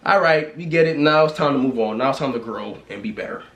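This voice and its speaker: Man ranting bluntly in a roomy space. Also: fast talker. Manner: blunt, repetitive, swings from loud exclamations to low mutters. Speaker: vlogger. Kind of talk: casual rant to camera.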